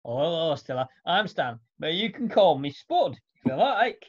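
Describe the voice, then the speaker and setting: A folksy, easygoing allotment gardener, played by a man, rambling in a lively, sing-song voice. He stammers and trails off, and the sound is dull and lo-fi. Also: a little high, moderate pace, husky. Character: scruffy older allotment gardener, chatty and easygoing. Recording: dull lo-fi recording.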